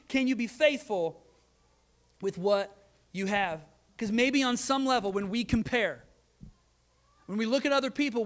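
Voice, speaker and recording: A man in his thirties preaching a sermon, earnest, moving between loud emphasis and quiet, soft asides. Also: extremely high pitch. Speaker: pastor.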